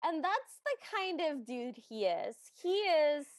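Woman, high voice, swooping pitch, slow-paced talk, dry close sound, wry asides. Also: sing-song, dry recording. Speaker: podcast co-host. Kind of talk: casual chat.

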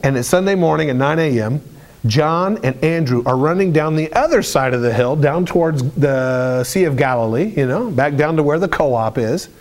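A man preaching a sermon in an animated, storytelling way, with colloquial asides and frequent restarts. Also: a little high, normal speed.

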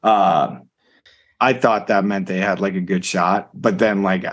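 Rambling man with a lowish voice. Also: fairly even intonation, measured pace. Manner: rambling, full of "like" and restarts. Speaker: podcast co-host. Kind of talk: casual sports chat.

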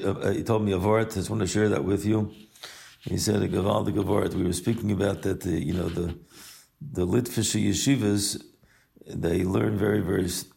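An older man, a rabbi, recording an unhurried personal message and story, weaving Hebrew and Yiddish terms into his English. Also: lowish voice, gravelly, darkish tone. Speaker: rabbi and yeshiva teacher.

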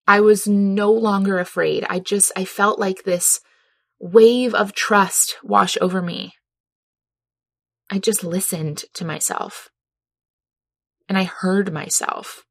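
Speaking slowly with long pauses, a woman shares a personal experience in an earnest, heartfelt way, laughing easily along the way. Her medium-pitched voice is steady and a bit bright, with vocal fry, in a dry recording.

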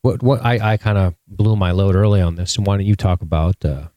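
A man co-hosting a casual live-streamed show recap, talking excitably and swearing often. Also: low voice, fairly quick, no room sound. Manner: profane, excitable, animated. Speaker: podcast co-host.

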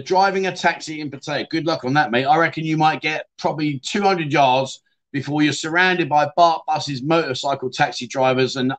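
A middle-aged man with a Yorkshire accent, casually chatting on his livestream and reading out viewer comments, calling people mate and my friend, often trailing off softly. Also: on the high side. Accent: Yorkshire English. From England. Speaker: livestream host.

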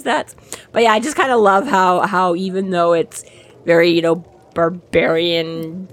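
A woman's voice: fairly low pitch, a little slow. A woman chats casually about a novel she has been reading. She retells the story with lots of energy and laughter, slipping into the characters' lines as she goes. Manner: animated, laughing, acts out quotes. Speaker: podcast co-host. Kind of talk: casual chat recapping a book.

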